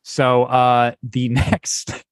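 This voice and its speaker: A male podcast host sets up an improv game in a loose, rambling way, stopping to laugh and saying lots of "um" and "uh". His voice sits at an ordinary pitch. The sound is close and dry, with no room echo. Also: flat delivery, very slow. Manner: rambling, laughs between phrases, lots of fillers. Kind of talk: casual podcast chat, setting up improv skits.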